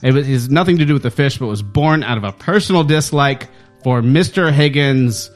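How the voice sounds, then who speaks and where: A man's voice: medium pitch, a little fast, faint music behind. A man co-hosting a comedic talk show, reading out a local news story with playful announcer flair and laughing asides.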